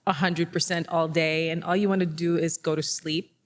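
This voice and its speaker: A woman moderator slowly asking a question on stage. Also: low-pitched, level tone. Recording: reverberant hall.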